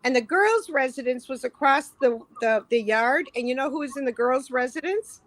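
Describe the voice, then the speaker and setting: A woman guest advocate telling stories in relaxed, casual chat. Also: high voice, moderate pace, no room sound.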